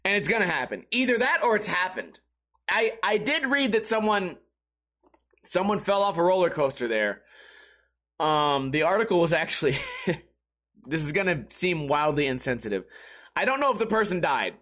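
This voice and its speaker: A man's voice: sits high, very animated, moderate pace, long pauses, a bit bright. A man hosting a comedy podcast, telling crude, profane stories in a rambling monologue, laughing at his own jokes and acting out the people in them. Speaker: podcast host.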